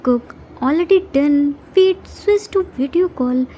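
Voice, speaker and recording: A woman's voice: sits high, measured pace, mellow, a little hiss or hum. A woman doing a whiny babyish young man. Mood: cutesy pleading. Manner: cutesy baby talk, whiny pleading.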